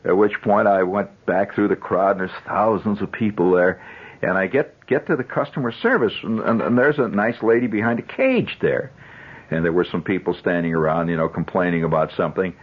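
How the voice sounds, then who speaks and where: This fifties-aged radio host talks fairly quickly in a low voice with a steady tone, telling a long, meandering story with chuckling asides in a conversational way. The sound is that of a dull 1970s radio broadcast.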